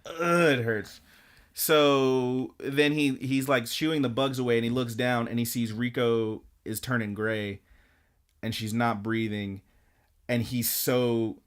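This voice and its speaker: A man with a mid-pitched voice co-hosts a podcast in relaxed, casual chat. He retells scenes at length, slipping into quotes as he narrates. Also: slow pace, clean tone. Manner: animated storytelling, acting out quotes. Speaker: podcast co-host. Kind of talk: casual chat, recapping an anime.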